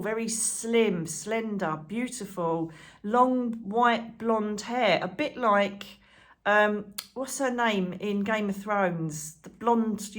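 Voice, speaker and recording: A woman chatting to camera as a channel host, excitable and rambling, full of asides and fillers. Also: medium pitch. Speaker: psychic medium and channel host. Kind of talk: casual chat to camera.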